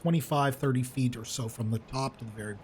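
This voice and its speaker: A man's voice: mid-range voice, quick pace, darkish tone, a little hiss or hum. Laid-back male game master, rambling. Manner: casual, rambling with fillers and restarts. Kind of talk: narrating a tabletop game.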